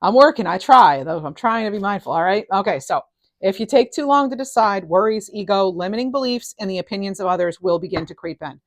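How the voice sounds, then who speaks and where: A middle-aged woman giving a casual tarot reading, enthusiastic and animated, her voice rising and falling in loudness. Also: medium pitch, fast, no echo, clean studio sound. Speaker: tarot reader.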